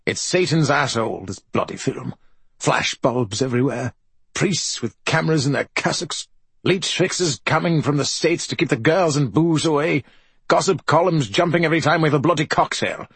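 A man voicing a boisterous, profane middle-aged male film star with a Welsh accent and a husky voice, swaggering and rambling. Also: a little high, moderate pace, a bit bright, no room sound, pitched above the performer's own voice, heavily acted. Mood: ranting. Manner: brash, swaggering, rambling storyteller.

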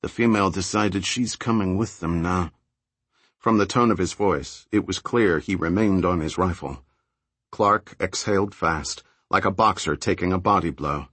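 A man reading a thriller audiobook in a steady, low-key scripted narration. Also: moderate pace, husky, no echo.

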